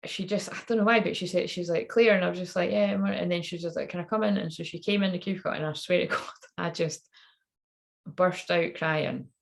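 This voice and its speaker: A woman's voice: lowish voice, fairly even intonation, brisk, vocal fry. A woman in her thirties, a tarot reader, telling a candid personal story in a rambling, swearing way.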